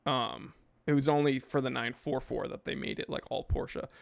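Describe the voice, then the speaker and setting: A man's voice: mid-range voice, level tone, moderate pace, creaky. A man hosting a podcast, reading chat and rambling casually in laid-back slang.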